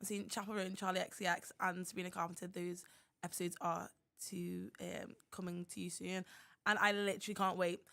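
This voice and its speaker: Young woman radio host, chatty and playfully boastful, with a gravelly fry in her voice. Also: lowish voice, little pitch movement, a little fast, a bit bright. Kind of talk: casual radio chat.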